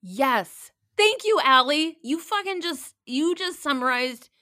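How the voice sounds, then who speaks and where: A woman's voice: high voice, lively intonation, slow, sharp tone, no echo, studio quality. Profane, rambling woman telling a story. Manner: profane, rambling, many fillers. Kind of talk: casual storytelling chat.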